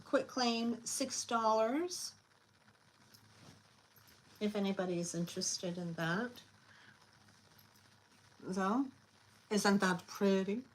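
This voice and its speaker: A woman hosting a live online sale, chatty and scattered, often pausing with fillers as she shows each item. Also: mid-range voice, rough recording. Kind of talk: casual live selling chat.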